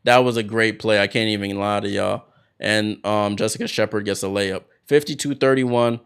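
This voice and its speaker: A man hosting a basketball watchalong, calling the plays as an excited fan with sudden bursts of hype. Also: lowish voice, moderate pace, vocal fry, clear, resonant tone. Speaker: watchalong host doing play-by-play. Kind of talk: fan play-by-play commentary.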